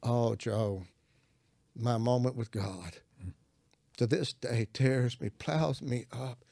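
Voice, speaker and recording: Gravelly older man telling his testimony. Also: mid-range voice, takes it slowly, mellow, no room sound. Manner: earnest storytelling, acts out his own prayers. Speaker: guest minister. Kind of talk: personal testimony in conversation.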